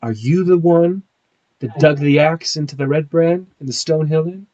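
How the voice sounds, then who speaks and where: A man's voice: fairly high pitch, moderate pace, warm tone, lo-fi sound, pitched above the performer's own voice, lightly acted. A man voicing a friendly, generous woman who owns a farm, in a tabletop game.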